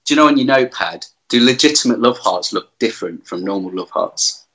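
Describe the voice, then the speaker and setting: A man's voice: on the low side, expressive, brisk, a bit bright, rough recording. A man co-hosting a podcast, quizzical, asking questions about a film's logic. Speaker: podcast co-host. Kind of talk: casual chat.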